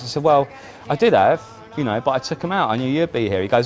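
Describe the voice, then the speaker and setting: A man, a musician guest in a casual chat, telling animated stories with frequent restarts. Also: mid-range voice, fast talker. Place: indoor chat.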